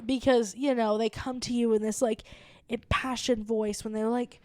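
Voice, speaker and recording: A woman's voice: on the high side, flat delivery, normal speed, darkish tone, no room sound. A young woman co-hosting a comedy podcast, chatting casually and animatedly with plenty of filler words. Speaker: podcast co-host. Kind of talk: casual chat.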